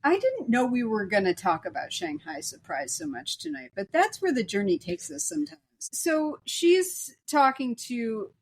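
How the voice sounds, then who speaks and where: A woman's voice: high voice, big pitch swings, normal speed, creaky, few pauses, husky. A woman co-hosting a film podcast, joking and rambling with frequent restarts in casual chat. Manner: jokey, rambling, many restarts. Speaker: podcast co-host.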